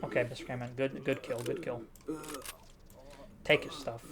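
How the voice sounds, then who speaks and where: A man's voice: medium pitch, moderate pace, a crowd in the background. Jokey man doing a gameplay review. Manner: jokey, animated, bossing an imaginary cameraman. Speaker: gaming YouTuber reviewing a game. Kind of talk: casual game review with live gameplay commentary.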